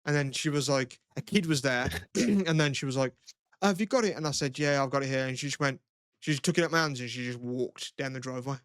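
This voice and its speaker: A man's voice: medium pitch, fast talker, a bit bright, clean tone, no echo, studio quality. A man, a podcast co-host telling a story in casual, rambling chat full of swearing and fillers.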